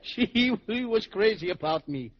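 A man's voice: high-pitched, lively intonation, slow pace, background noise. A man playing the childlike, giggly wisecracking comic in a 1940s radio comedy duo, on a dull old broadcast recording.

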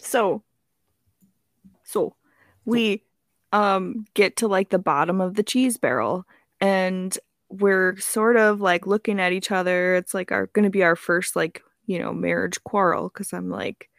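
A woman tells a story on a casual podcast, tossing in "like" and a curse every few words. Her voice sits at an ordinary pitch and comes through dry and close. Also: steady tone, unhurried, gravelly, no echo. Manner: fills every phrase with "like", swears freely. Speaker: podcast co-host.

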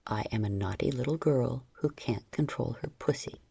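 A woman voicing a confident, stern man who talks low, slow and coaxing. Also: creaky, warm tone, husky, dry recording, exaggerated voice.

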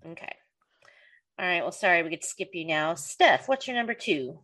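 A woman's voice: lowish voice, animated, normal speed, fairly bright tone. A young adult woman hosting a casual podcast chat, laughing often and acting out quoted lines in a raised voice. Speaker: podcast host.

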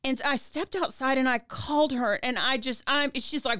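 Smooth-voiced woman telling a story. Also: moderate pace, hardly any pauses, no echo, clean studio sound. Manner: animated, many restarts, pitch rises when reliving tears. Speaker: podcast co-host. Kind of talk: casual storytelling to her husband.

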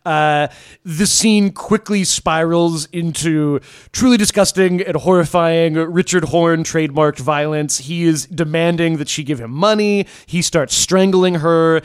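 A man's voice: fairly high pitch, smooth. A man co-hosting a podcast, describing a TV scene in a rambling way with chuckles and restarts. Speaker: podcast co-host. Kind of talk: casual podcast discussion.

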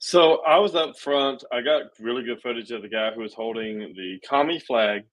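A young adult man hosting a podcast, telling stories in an animated, indignant way. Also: medium pitch, normal speed, rough recording. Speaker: podcast host. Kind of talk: casual political chat.

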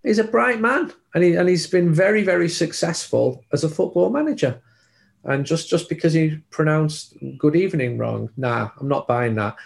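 A man's voice: on the high side, expressive, normal speed, gravelly. Chatty football journalist man. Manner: chatty, digressive, frequent restarts. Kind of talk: casual podcast commentary.

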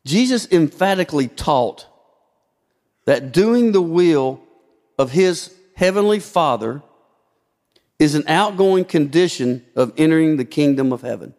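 A man's voice: a little high, animated, a little slow, a little mellow. A man preaching a sermon as pastor, asking rhetorical questions and shifting his emphasis often. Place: church sanctuary. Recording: long hall reverb.

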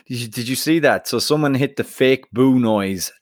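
A man's voice: mid-range voice, measured pace, no room sound, studio quality. A man co-hosting a football podcast in casual chat, talking in loose bursts with restarts. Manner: chatty, lots of restarts and fillers. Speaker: podcast co-host.

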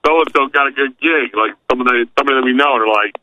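A man's voice: medium pitch, racing, sharp tone, a little hiss or hum, poor audio. A man co-hosting a podcast in casual chat, playfully mimicking text messages in put-on voices. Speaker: podcast co-host, not a wrestling fan.

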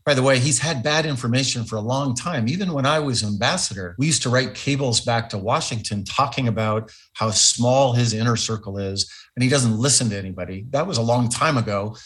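A middle-aged man gives a radio interview as an expert guest, speaking thoughtfully and leaning on key words for emphasis. His voice sits at an ordinary middle pitch, heard over a remote interview line. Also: a bit bright. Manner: thoughtful, emphatic, with fillers and restarts. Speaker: interview guest, former ambassador.

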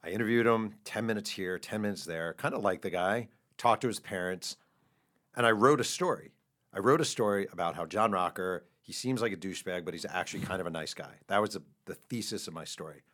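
Fast-talking deep-voiced man telling stories. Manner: animated storyteller, laughs while telling anecdotes. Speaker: author guest. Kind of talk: casual storytelling interview.

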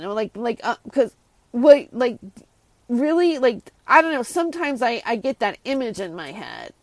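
Brief: woman host, slightly high voice, sarcastic and fed-up, very dry close sound. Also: sing-song, moderate pace, no room sound. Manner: exasperated, sarcastic, rambling with many restarts. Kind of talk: casual solo rant.

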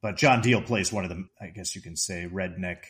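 A middle-aged man co-hosting a podcast, retelling movie scenes in an animated way and laughing often. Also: sits low, brisk. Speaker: podcast co-host. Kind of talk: casual film discussion.

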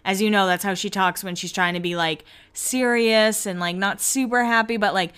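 A young woman hosting a casual recap podcast. She talks in a chatty way, full of "like", and acts out the quotes in quick voices. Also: medium pitch, fairly even intonation, a bit bright, clear, resonant tone. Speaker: podcast host recapping a reality show.

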